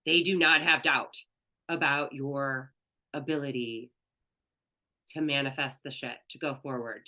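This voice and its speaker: A woman's voice: low-pitched, a bit bright. A woman spiritual coach teaching an online class, talking in an earnest, candid, conversational way.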